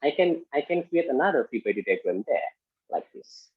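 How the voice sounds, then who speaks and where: A man lecturing on engineering statics in halting speech full of fillers and restarts, working through a problem step by step. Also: mid-range voice, big pitch swings, husky, no room sound. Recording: muffled lo-fi audio.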